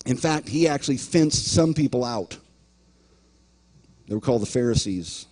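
A man's voice: medium pitch, animated, normal speed, darkish tone. A man preaching a sermon as pastor, emphatic, often repeating words and acting out imagined voices.

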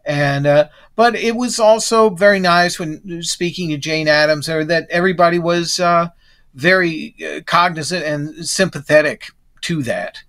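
A man with a voice a touch higher than most, talking casually as a podcast guest. He wanders from point to point and often restarts his sentences before finishing a thought. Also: measured pace, fairly bright tone. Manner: rambling, restarts and trails off. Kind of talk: casual chat.

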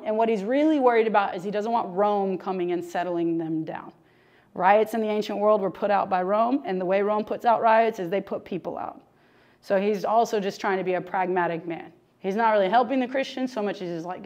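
A woman's voice: mid-range voice, lively intonation, moderate pace, lo-fi sound. A woman teaching a humorous, chatty Bible lesson, joking and laughing often.

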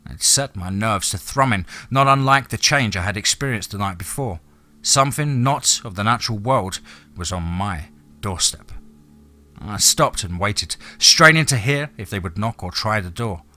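A man narrating a scripted horror story in a measured, dramatic way. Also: fairly low pitch, expressive, bright, forceful tone, soft background music.

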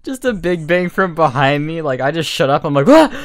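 A young man casually telling a funny story to friends, swearing often and animated. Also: fairly high pitch, fairly quick.

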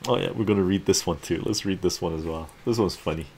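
A man hosting a relaxed ASMR comic reading, laid-back and chuckling often. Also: sits low, fast talker, slight background noise. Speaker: channel host reading comics.

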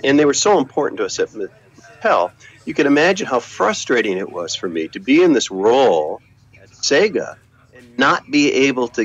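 A man's voice: mid-range voice, highs cut off. Older man telling rambling stories. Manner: rambling anecdotes, frequent repeated words and restarts. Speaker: guest, former video game executive. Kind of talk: relaxed interview storytelling.

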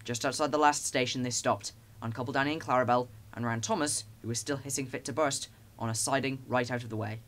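A man narrating a children's storybook in a lively, expressive way. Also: mid-range voice, fast, hardly any pauses. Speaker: audiobook narrator.

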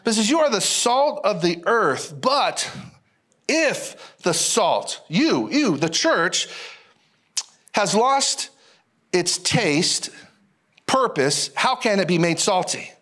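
A male pastor preaching a sermon in an animated, folksy way, repeating phrases and calling out to the congregation. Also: high voice, slow. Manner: animated, repetitive, folksy preaching with audience call-outs.

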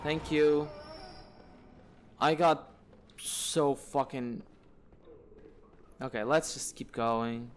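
A man's voice: mid-range voice, very slow, pauses often, slight background noise. A man giving live commentary on his own gameplay, exasperated and swearing at the enemies on screen. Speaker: let's play gamer. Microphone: desk mic, camera off.

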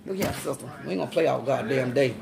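A woman, vlogging at home on her phone in loud, profane, laughing banter. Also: a bass voice, fast talker, creaky. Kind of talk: casual home vlog. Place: home, indoors then outdoors at night.

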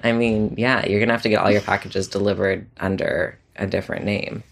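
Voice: sits low, fairly even intonation, brisk, vocal fry, slight background noise. A podcast guest chatting casually, self-deprecating and laughing often. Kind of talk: casual chat.

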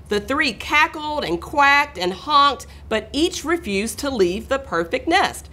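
A middle-aged woman reading a picture book aloud to children, expressive and talking to her young listeners. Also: sits high, takes it slowly, hardly any pauses. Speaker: school administrator reading aloud.

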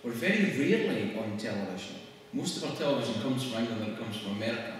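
A man's voice: medium pitch, expressive, a little hiss or hum. Scottish man speaking in an echoey hall. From Scotland. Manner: conversational and wry, quick laughs. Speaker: speaker at a public event. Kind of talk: public talk to an audience. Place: church hall. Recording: echoey hall recorded from far off.

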